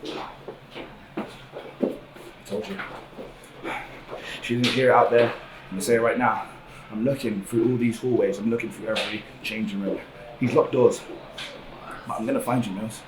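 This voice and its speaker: A man's voice: on the low side, steady tone, brisk. A man, a pro wrestler, issuing menacing threats in a backstage wrestling promo. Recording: echoey backstage audio with clear noise.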